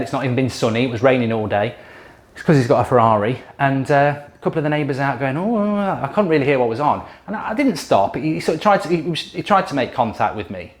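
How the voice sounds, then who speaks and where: Bloke ranting in his kitchen, filming himself cooking, annoyed and sweary, middle-aged, mid-range voice. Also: medium pitch. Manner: exasperated, swears mildly, mocks others in impressions. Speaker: YouTube host cooking on camera. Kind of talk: casual ranting storytelling while cooking. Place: home kitchen. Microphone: handheld camera.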